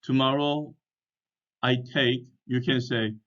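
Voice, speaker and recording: A man teaching in a slow, deliberate way, spelling words out letter by letter and speaking. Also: mid-range voice. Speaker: English teacher. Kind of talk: slow explanatory language lesson. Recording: dull lo-fi recording.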